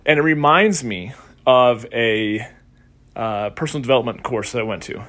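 A man hosting a casual solo podcast as a coach, telling a story in a relaxed, conversational way. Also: mid-range voice, normal speed. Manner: conversational storytelling, acts out quoted voices.

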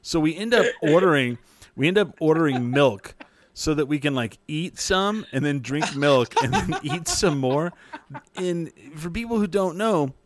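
A man's voice: fairly high pitch, lively intonation, unhurried. A young man from New Mexico telling a long story in casual chat, rambling, swearing and laughing often.

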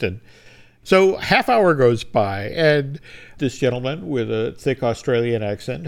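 A man co-hosting a podcast, casually retelling a behind-the-scenes anecdote and briefly acting out the quoted lines. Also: medium pitch. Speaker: podcast co-host. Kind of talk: casual storytelling chat.

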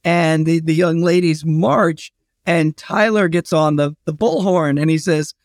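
A man's voice: a little high, fairly even intonation, measured pace, no echo, clean studio sound. Chatty male historian telling stories. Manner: anecdotal, chatty with fillers and restarts. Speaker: historian and guest. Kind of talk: casual storytelling interview.

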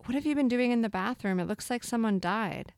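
A woman's voice: a little high, fairly quick, gravelly, a little mellow, no echo, studio quality. A woman voicing an irritated young husband who speaks sharply and accusingly, in a storybook reading.

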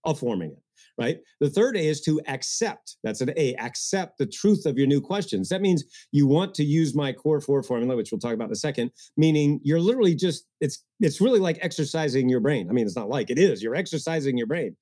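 A man speaking as a guest coach in an interview, energetic and getting worked up, with mocking asides. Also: a little high, fairly quick. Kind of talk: animated interview talk.

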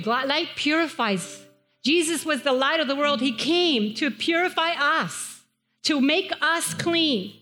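A woman's voice: sits high, bright, forceful tone. A woman pastor with a Spanish accent, giving an emphatic sermon in a chapel and repeating phrases for stress. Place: church chapel.

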